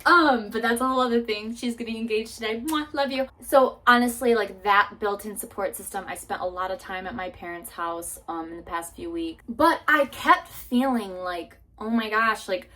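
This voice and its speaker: A woman's voice: medium pitch, moderate pace, hardly any pauses, a bit bright. A woman in her twenties talking candidly and earnestly in a sit-down vlog, full of likes and restarts, with casual swearing and moments close to tears. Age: 20s. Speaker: vlogger.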